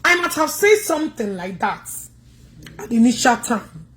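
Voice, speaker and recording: A woman's voice: fairly high pitch, sing-song, normal speed, a bit bright. A woman with a Nigerian Igbo accent, scolding her livestream viewers in a combative rant.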